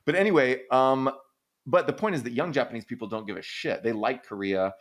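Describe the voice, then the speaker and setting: A man's voice: mid-range voice, a little fast. A man co-hosting a podcast, chatting casually and rambling through stories full of "like," casual swearing and laughs. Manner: rambling, animated storytelling with frequent "like" and casual swearing; acts out quoted people in exaggerated voices, laughs often. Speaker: podcast co-host answering listener questions.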